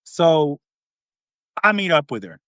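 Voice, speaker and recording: Animated man spinning a yarn. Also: slow, no room sound, studio quality. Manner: animated, acts out quotes with swings in pitch and volume. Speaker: podcast host. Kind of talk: casual storytelling.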